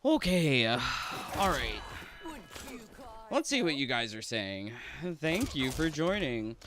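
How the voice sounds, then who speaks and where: A man's voice: medium pitch, very animated, slow pace, a crowd in the background. A man streaming a game and chatting casually with viewers, rambling and laughing often between remarks. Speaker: gaming streamer. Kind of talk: casual chat with live viewers.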